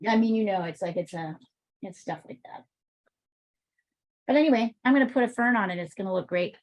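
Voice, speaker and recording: A woman's voice: mid-range voice, expressive, fairly quick, darkish tone, rough recording. A woman teaching an art class, chatting casually and telling rambling stories.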